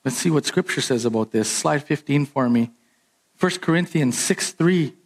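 A man's voice: moderate pace, husky. Emphatic man preaching a sermon. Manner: animated, emphatic preaching that jumps higher in pitch on key points. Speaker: pastor.

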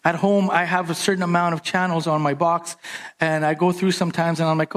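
A man preaching a sermon as pastor, animated and emphatic, jumping up in pitch on his key points. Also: fairly quick.

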